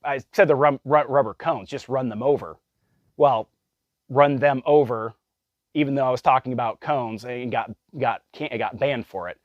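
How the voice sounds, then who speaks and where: A man's voice: medium pitch, moderate pace, dry recording, dull audio. A man ranting in a casual vlog monologue, blunt and profane, rambling with many restarts. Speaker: vlogger.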